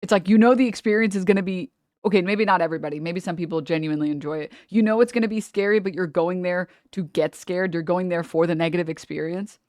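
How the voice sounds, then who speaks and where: Talking fast in a lowish voice, a woman livestreams, chatting casually with her viewers and reading their messages. She's rambling and animated, laughing a lot and swearing freely, captured in a dry, clean studio recording.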